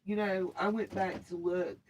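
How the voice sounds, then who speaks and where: A woman's voice: medium pitch, little pitch movement, unhurried, a little mellow. A woman hosting a casual vlog from inside a motorhome, talking into her cell phone in an earnest, rambling way with lots of fillers while she gets dressed. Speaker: channel host.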